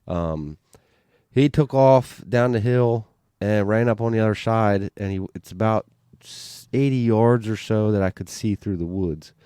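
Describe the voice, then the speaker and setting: Man with a smooth, low voice, telling a hunting story. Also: unhurried, no echo, clean studio sound. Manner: excited, rambling retelling with frequent restarts; casual swearing. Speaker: podcast guest, bowhunter. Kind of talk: casual storytelling.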